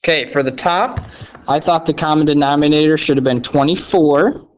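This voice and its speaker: A man with a fairly high voice walks through a recorded math lesson in an upbeat, playfully sarcastic way, checking in with "okay?" again and again. The sound is dull and lo-fi, like a computer mic. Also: normal speed. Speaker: math teacher.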